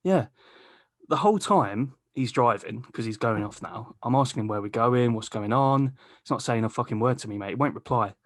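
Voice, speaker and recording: A man's voice: mid-range voice, moderate pace, no echo, studio quality. A man hosting a podcast, telling a long rambling story in casual chat, swearing freely and laughing mid-sentence. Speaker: podcast host.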